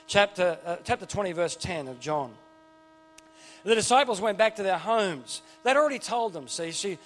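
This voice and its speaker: A man with a high, somewhat bright voice preaches an informal sermon, chatty and enthusiastic, frequently restarting sentences and drifting into asides. The recording has a long reverb with faint music underneath.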